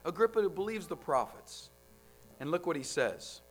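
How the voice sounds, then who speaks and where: A man preaching a sermon, firing off rhetorical questions and swinging between loud, driving lines and quiet ones. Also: on the high side, expressive, moderate pace, soft background music.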